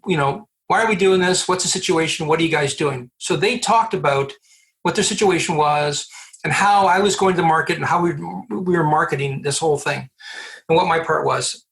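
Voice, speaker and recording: A man from Canada, a recruiter guest on a podcast, telling animated stories with acted-out dialogue and frequent restarts. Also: sits high. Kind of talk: storytelling interview answers.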